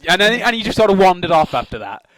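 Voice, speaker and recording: A young man co-hosting a podcast, telling stories in casual chat. His voice sits high and swings widely as he acts out the people in his stories. He swears freely and talks loosely. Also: big pitch swings, fast talker, a bit bright. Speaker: podcast co-host.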